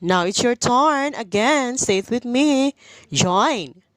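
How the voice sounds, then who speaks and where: A woman's voice: a little high, animated, clear, resonant tone, no room sound. A woman teacher leading a phonics reading lesson for young children, drilling sounds and praising often. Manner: slow, sing-song drilling with praise.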